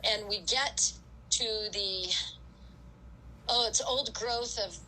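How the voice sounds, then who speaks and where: A middle-aged woman as a podcast guest, telling a story in a casual, animated way, full of "like" and acted-out quotes. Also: mid-range voice, slow, low-quality recording. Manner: animated storyteller, acts out quoted voices, frequent "like". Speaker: guest ultrarunner.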